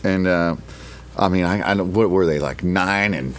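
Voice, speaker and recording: A man's voice: low voice, normal speed, slight background noise. A middle-aged man from Oklahoma, a guest musician telling a long story in a casual, rambling, profane and emotional way.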